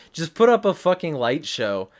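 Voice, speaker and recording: A man hosting a livestream, giving blunt, profane commentary and often restarting mid-sentence. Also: on the high side. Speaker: host.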